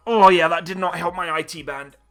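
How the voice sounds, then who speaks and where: Music plays beneath a young man's fairly high, steady voice as he reads donations on a casual live chat stream at a slightly fast clip. He laughs a lot, mostly at himself, in a giggly, self-mocking way.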